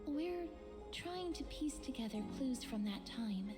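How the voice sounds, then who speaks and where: A woman's voice: high voice, lively intonation, unhurried, over music. An actress playing a polite, inquisitive young female adventurer asking questions. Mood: curious.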